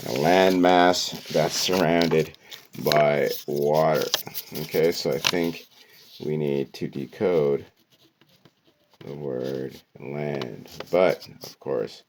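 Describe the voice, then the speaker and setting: A man with an extremely deep voice explains how to decode words, one sound at a time. He speaks slowly and deliberately. He keeps punctuating his points with "okay" and "right" as he teaches. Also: vocal fry, a little hiss or hum. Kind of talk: esoteric word-decoding lesson.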